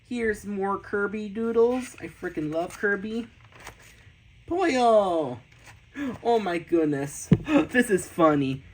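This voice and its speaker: A man casually flipping through his sketchbooks on a vlog, gasping and gushing with excited exclamations. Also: high-pitched, slow, a little hiss or hum, low-quality recording. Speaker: artist showing his sketchbooks.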